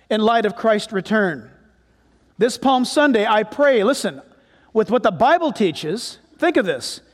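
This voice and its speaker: High-voiced pastor preaching in a hall. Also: male voice. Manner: conversational, storytelling. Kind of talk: sermon. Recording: echoey hall.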